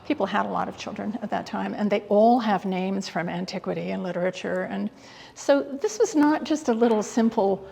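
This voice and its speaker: A woman curator speaks in an interview with a gravelly, breathy voice. She talks eagerly but haltingly, restarting sentences and filling gaps with "um". Her voice carries a long reverb from the hall. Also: medium pitch, warm tone. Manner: enthusiastic, hesitant with many fillers and restarts. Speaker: guest curator. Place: exhibit hall.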